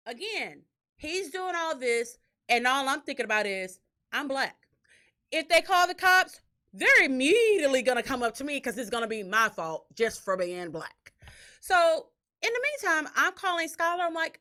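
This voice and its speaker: Woman, podcast host, swooping lively pitch, bright tone, casual profane storytelling. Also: normal speed. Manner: animated, profane, acts out quotes in a shrill crying voice.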